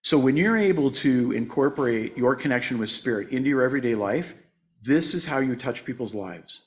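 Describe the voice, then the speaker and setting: A man in his sixties gives a conversational sermon in a church, mixing jokes at his own expense with earnest spiritual advice. His voice sits at an ordinary middle pitch, and he laughs often between thoughts. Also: expressive, a little fast. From United States. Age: 60s. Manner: joking, self-mocking, laughs often. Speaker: guest speaker at a church service. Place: church sanctuary.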